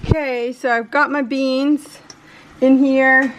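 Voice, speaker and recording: A woman's voice: high-pitched, flat delivery, slow, a little hiss or hum. A woman talking through her cooking in a home kitchen in a casual, matter-of-fact way. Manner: matter-of-fact, explains as she cooks. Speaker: host's wife, co-host.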